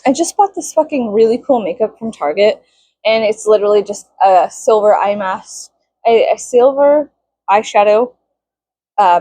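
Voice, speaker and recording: A woman in her thirties rants straight into her phone, swearing freely and slipping into high, sarcastic mockery. Her voice is a bit husky and sits fairly high. The sound is dry and close. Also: a little mellow, no echo, low-quality recording. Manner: profane, sarcastic, swings into high mocking tones. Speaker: vlogger. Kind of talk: casual venting rant to camera.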